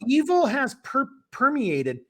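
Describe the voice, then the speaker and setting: High-pitched, animated man co-hosting. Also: unhurried. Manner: animated, emphatic, swings pitch up when excited. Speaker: podcast co-host. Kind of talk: casual political chat.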